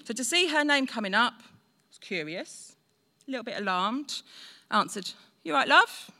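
A woman's voice: fairly high pitch, lively intonation, normal speed, sharp tone. A woman in her forties telling a personal story in a chatty, self-deprecating way. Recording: long hall reverb.

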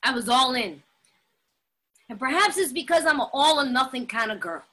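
A woman giving an animated, dramatic personal testimony at a recovery meeting, laughing often as she talks. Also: high-pitched, normal speed. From Latin American heritage. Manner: animated, emphatic, dramatic storytelling; laughs often while talking.

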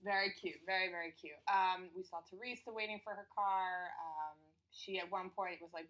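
A woman's voice: lowish voice, fairly even intonation, brisk, a bit bright, rough recording. A woman hosting a podcast in casual chat, talking in a chatty way with many ums and uhs. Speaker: podcast host.

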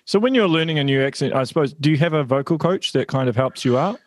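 A man's voice: a little high, lively intonation, quick pace, no echo. Friendly male podcast host, dry sound. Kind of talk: casual interview chat.

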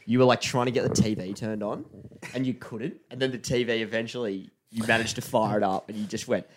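Give me an excitable young man hosting a podcast. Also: fairly low pitch, noisy background. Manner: excitable, laughs often, chimes in with quick agreement. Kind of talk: casual chat.

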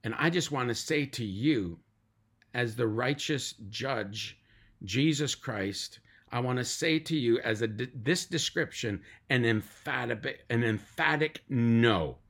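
A man's voice: medium pitch, slow, a bit bright. A middle-aged man, a pastor, giving an emphatic podcast sermon and repeating lists of words for weight.

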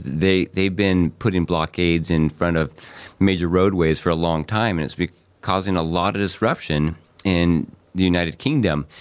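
Deep smooth voiced lawyer guy, earnest, going on about it in a casual studio chat. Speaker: attorney and podcast co-host.

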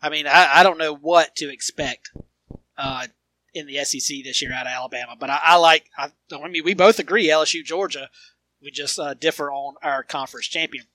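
A man co-hosting a casual sports podcast, animated and quick to laugh, sometimes slipping into a broadcaster-style call. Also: fairly high pitch, no echo. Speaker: podcast co-host.

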